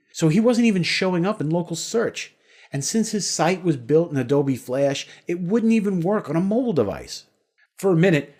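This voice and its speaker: Lively-pitched man reading a sales pitch. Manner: upbeat promotional delivery. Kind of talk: scripted sales webinar voice-over.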